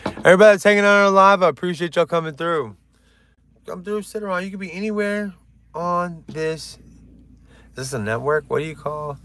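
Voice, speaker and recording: A man chatting on a live stream, rambling from joke to joke and swearing freely as he talks to viewers. His voice sits a little high, bright and gravelly. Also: quick pace, a little hiss or hum. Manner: rambling, profane, joking with viewers. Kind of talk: casual live-stream chat.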